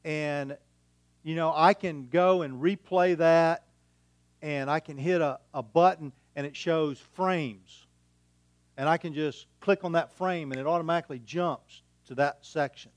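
A man's voice: fairly high pitch, steady tone, unhurried, no room sound. A middle-aged man preaching a sermon as a pastor, in a folksy, conversational way with homespun humour and rhetorical questions.

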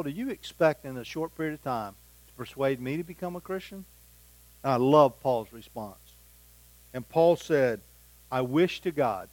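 A man's voice: on the high side, darkish tone, no room sound, low-quality recording. Dry-miked man teaching the Bible. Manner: reads scripture aloud and explains it in plain words.

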